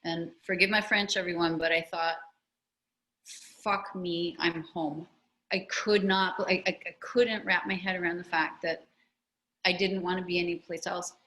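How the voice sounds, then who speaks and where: A woman's voice: fairly low pitch, little pitch movement, normal speed, a bit bright, low-quality recording. A woman author chatting about her memoir in a video-call interview, telling stories animatedly with lots of restarts and asides.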